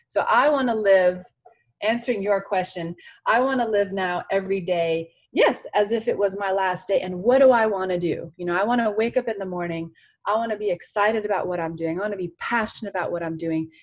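A woman's voice: medium pitch, a little fast. A woman in her forties, a guest on an interview podcast, speaking earnestly and from the heart with many "you know"s. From France. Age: 40s. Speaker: interview guest, former tennis champion.

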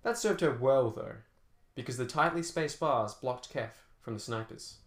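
A man's voice: mid-range voice, a little slow. A man narrating an action novel as an audiobook, telling fight scenes dramatically with shifting pace. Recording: roomy echo.

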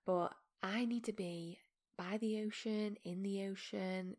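A woman in her thirties hosting a podcast, talking in a soft, often half-whispered, self-mocking monologue. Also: medium pitch, steady tone, takes it slowly. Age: 30s. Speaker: podcast host.

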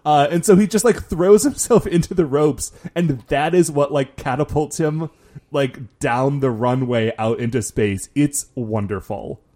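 A man casually recapping a show with a co-host, animated and acting out quotes, with lots of filler words. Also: fairly high pitch, measured pace. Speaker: podcast co-host.

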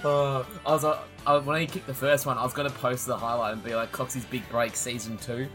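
A young Australian man co-hosting a podcast, telling a story in an excitable, sweary way. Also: mid-range voice, fast talker, over music. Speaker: podcast co-host. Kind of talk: casual chat.

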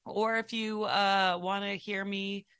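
A woman's voice: mid-range voice, flat delivery, slow, fairly bright tone, smooth. A woman author, a podcast guest, telling stories in a chatty, self-deprecating way. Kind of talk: casual interview chat.

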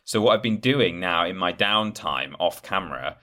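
A man's voice: deep voice, animated, normal speed, pushed and bright. A man co-hosting a gaming podcast in casual chat, talking in a chatty, meandering way and correcting himself as he goes. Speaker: podcast co-host.

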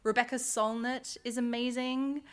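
A woman's voice: on the high side, level tone, normal speed, clear, resonant tone. A woman co-hosting a podcast, chatting casually and enthusiastically, with lots of "like" and "um.". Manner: enthusiastic, rambling, uses "like" and "um" a lot. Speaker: podcast co-host. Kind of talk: casual chat.

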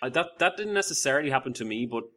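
A man's voice: mid-range voice, expressive, rapid-fire, pushed and bright. A man hosting a podcast, chatting casually in a rambling, self-deprecating way with many restarts. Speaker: podcast host. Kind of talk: casual conversation.

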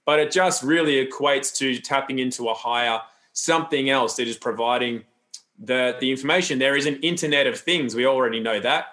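A man's voice: medium pitch, a little fast, bright, forceful tone. A man talking as a podcast guest, loose and rambling, with frequent restarts and asides. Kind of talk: casual interview talk.

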